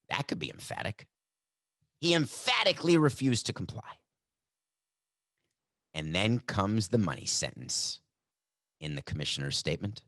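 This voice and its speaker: A man's voice: deep voice, huge pitch swings, moderate pace, long pauses, a bit bright, no room sound, studio quality. Sarcastic man hosting a sports podcast. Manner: sarcastic, mock-dramatic. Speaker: podcast host. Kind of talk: sports talk monologue. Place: desk at home studio.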